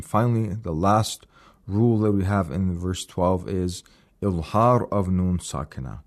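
A man teaching recitation on a radio program, explaining slowly and repeating words to demonstrate. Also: low-pitched, darkish tone. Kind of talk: radio lesson.

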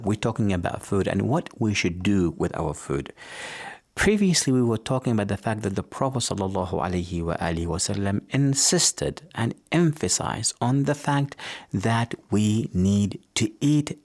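Gravelly man giving a slow radio talk. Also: on the low side, very animated, a little mellow. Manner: measured, storytelling, addresses listeners directly. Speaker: religious radio presenter.

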